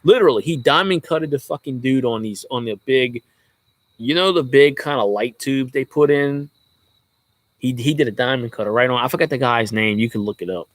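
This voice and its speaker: Sports fan guy ranting casual, cussing and joking, mid pitch, dry close sound. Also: normal speed, dry recording. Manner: profane, joking, rambling. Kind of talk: casual rambling rant.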